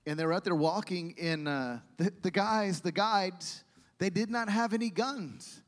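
A male pastor preaching a sermon with animated storytelling and asides to the congregation. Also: high-pitched, unhurried. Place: church sanctuary. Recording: long church hall reverb.

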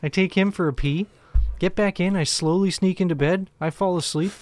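Guy cohosting a podcast, swears a ton and laughs at his own stories, kinda high voice, dry sound. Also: moderate pace, a little mellow, dry recording, soft background music. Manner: profane rambling storyteller who laughs often. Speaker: podcast co-host. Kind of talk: casual podcast chat.

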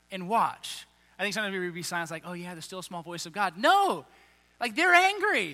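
A man's voice: high-pitched, animated, unhurried, long pauses, bright, forceful tone, big-room sound. A man preaching a sermon, reading scripture aloud and breaking into casual, emphatic paraphrase.

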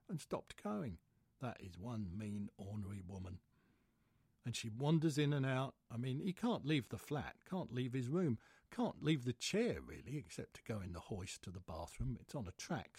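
A man narrates a first-person tale with a husky, slightly rough edge to his voice. His telling is wry and gossipy, full of dry sarcasm, and his pitch sits right in the middle of the usual range. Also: darkish tone, dry recording. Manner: wry, gossipy, sardonic storytelling. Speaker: audiobook narrator.

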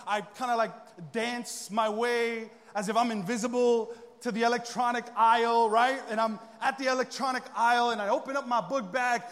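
A young man preaching a sermon, telling a funny story and acting out the dialogue with lots of energy. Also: extremely high pitch. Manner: animated, joking, acts out dialogue. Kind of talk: sermon storytelling to a live audience. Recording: long reverb of a large hall.

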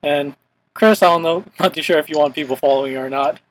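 A young man from Hawaii hosts a casual chat show, his voice sitting a little high for a man. He rambles along, stacking "like" into almost every phrase. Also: fast, poor audio. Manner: rambling, heavy use of "like" as filler. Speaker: podcast host.

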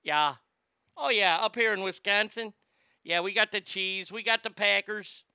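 A man's voice: high-pitched, a little slow, pushed and bright, clear, resonant tone, no room sound, clean studio sound, heavily acted. A man doing a folksy cheerful local. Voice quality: chatty, folksy.

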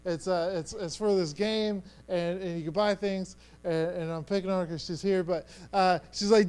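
A middle-aged man preaching a sermon, telling stories in a conversational way with many stammered restarts, dropping to a hush and then rising loud. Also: high-pitched, fairly even intonation, moderate pace, few pauses, clear, resonant tone. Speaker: pastor.

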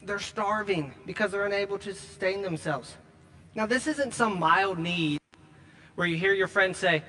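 High, bright-voiced man preaching. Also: long reverb tail. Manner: emphatic preaching with repeated phrases and slow stressed lines. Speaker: pastor. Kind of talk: sermon.

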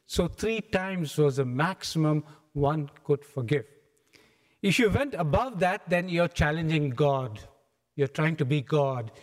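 Brief: male preacher, animated storyteller, fairly high voice, church with a long echo. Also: measured pace. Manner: animated storytelling, acts out scenes. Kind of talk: sermon. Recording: echoey hall.

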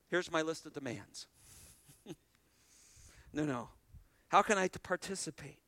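A man preaching a sermon as pastor, animated, repeating phrases and restarting lines as he drives each point home. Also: on the high side, measured pace, pauses often, dry recording.

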